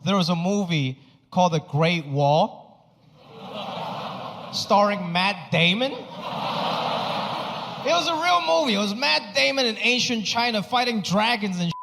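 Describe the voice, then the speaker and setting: A man with a fairly high voice performs stand-up on a comedy stage. His delivery is animated, and he jumps his pitch around to act out the people in his stories. The sound carries a long hall reverb and clear crowd noise behind it. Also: unhurried, pauses often. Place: comedy stage before a live audience.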